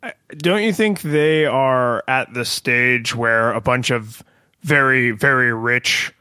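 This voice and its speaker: A man's voice: mid-range voice, slow, clean tone, no room sound, studio quality. A man co-hosting a podcast, talking casually and wryly about tech companies and acting out quoted voices. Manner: wry, animated, acts out quoted voices.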